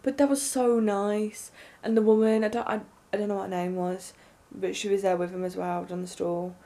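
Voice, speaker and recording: A young woman vlogging, telling a story in an excited, rambling way with lots of fillers. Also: mid-range voice, normal speed. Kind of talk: casual storytelling to camera.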